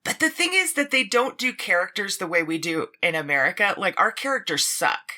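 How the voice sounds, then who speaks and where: A woman's voice: medium pitch, lively intonation, a little fast, sharp tone. A woman co-hosting a podcast, chatting casually in a playful, self-deprecating way. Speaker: podcast co-host. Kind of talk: casual chat.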